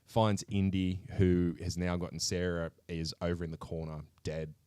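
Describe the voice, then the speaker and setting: A man co-hosting a podcast, retelling a film plot in an animated, sweary way. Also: deep voice, moderate pace, clean tone, dry recording, studio quality. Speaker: podcast co-host. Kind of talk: casual chat.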